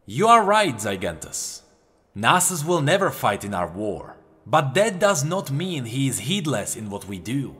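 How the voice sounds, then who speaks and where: A man voicing a wounded immortal warrior who speaks gravely and wearily. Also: mid-range voice, very animated, unhurried, fairly bright tone, soft background music. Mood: solemn. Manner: solemn, grave. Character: weary wounded male immortal warrior, solemn.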